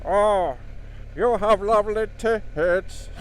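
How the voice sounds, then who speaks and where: A man putting on the voice of a meek, overly polite male pop singer, soft and drawn out. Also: high-pitched, slow pace, voice pushed up. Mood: meek, pleading.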